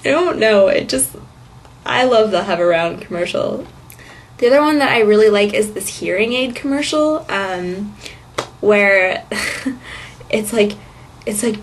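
A woman's voice: mid-range voice, lively intonation, a little slow, pauses often. A woman vlogging in a casual, chatty monologue, rambling with lots of fillers and giggles.

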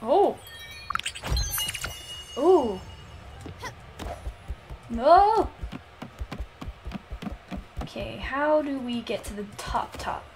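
A woman streamer giving casual let's-play commentary, excitable and chattering to herself as she plays. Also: sits high, extremely slow, long pauses, music in the background. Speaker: game streamer.

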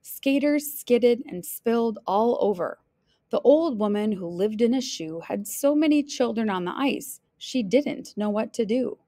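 Woman teacher, children's book read-aloud, expressive, slow, dry close sound. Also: on the high side, no room sound. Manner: expressive, playful storytelling.

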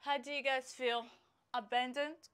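A woman's voice: high-pitched, little pitch movement, a little slow, fairly bright tone, clear, resonant tone. A woman chatting with her viewers while she works out, joking between exercises and winded from the effort. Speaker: fitness vlogger.

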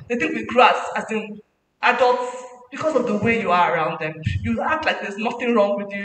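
A woman giving an animated, preachy motivational talk as a guest speaker at a parenting summit. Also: fairly high pitch. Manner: animated, preachy, mixing in laughs. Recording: echoey hall from far off, faint noise.

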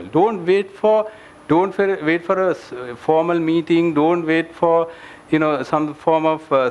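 A man presents at a tech meetup in a voice pitched a little high for a man. He talks earnestly and gives advice, often pausing on fillers and restarting his phrases. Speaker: engineering director giving a meetup talk. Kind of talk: conference presentation. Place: meetup venue with an audience.

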